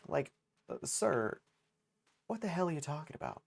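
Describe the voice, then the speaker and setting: A man's voice: a little high, very animated, normal speed, gravelly, husky. A man streaming a game live, chatting casually in a rambling, self-mocking way and swearing freely. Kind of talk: casual gaming livestream chatter.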